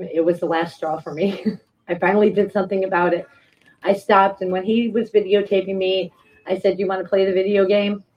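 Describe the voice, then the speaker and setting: A woman's voice: medium pitch, breathy edge. Firm, indignant woman testifying, muffled lo-fi recording. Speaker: resident speaking at a public meeting. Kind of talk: public testimony. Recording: dull, lo-fi sound.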